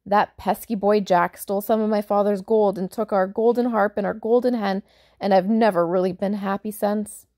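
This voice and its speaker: A woman voicing a very old, toothless male giant, speaking slowly and loudly with a gruff, drawn-out manner. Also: steady tone, lightly acted. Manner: slow, booming, drawn-out delivery.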